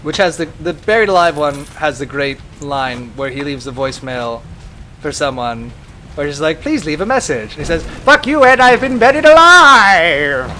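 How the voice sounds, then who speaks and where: A young man streaming a video game, chatting casually and reading viewer messages aloud in an animated way. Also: fairly high pitch, moderate pace, slight background noise. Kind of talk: casual live-stream chat.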